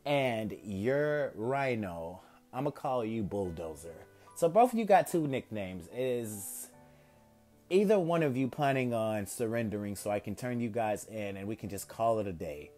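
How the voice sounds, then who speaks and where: A man's voice: fairly low pitch, very animated, measured pace, a little mellow, soft background music. A man voicing a young male masked hero who rambles through cocky jokes and taunts. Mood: mocking. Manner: wisecracking, rambling banter.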